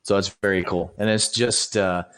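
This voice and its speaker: A sleepy man co-hosting a live radio show talks in an easygoing, lowish voice. He chats loosely and laughs often between remarks. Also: steady tone, normal speed, fairly bright tone, clear, resonant tone. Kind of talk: casual live radio chat.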